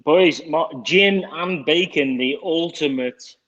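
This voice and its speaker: A man's voice: on the high side, slow pace, fairly bright tone, dull audio. A man with a Liverpool accent in casual, jokey livestream chat. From England. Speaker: livestream co-host.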